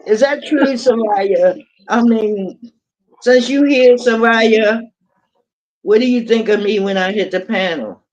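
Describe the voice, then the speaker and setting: A woman's voice: a little high, slow pace, a little mellow, muffled recording. A woman chatting on a live audio panel, protesting in a mock-offended way and drawing out her questions. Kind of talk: casual chat.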